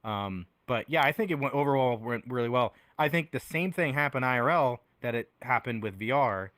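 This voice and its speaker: Young male podcast guest, bright and lively, animated storyteller, dry close sound. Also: fairly quick, no echo. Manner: animated storyteller, acts out quotes with big pitch jumps. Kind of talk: casual chat. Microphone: headphones on.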